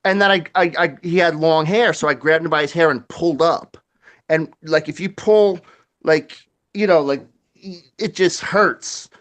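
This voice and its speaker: A man with a slightly high voice tells a rowdy story, swearing freely and acting out the sound effects and other people's voices. He keeps it loose and conversational, with lots of restarts. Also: normal speed. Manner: animated, swears a lot, acts out quotes and sound effects. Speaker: guest storyteller. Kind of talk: casual profane storytelling.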